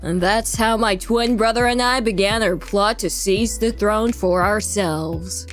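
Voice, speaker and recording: A clever young prince , read by a woman, lays out his plans in a calm, plotting tone. The voice is mid-pitched and unhurried, like a storybook hero thinking aloud. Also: soft background music, close to an everyday voice. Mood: scheming.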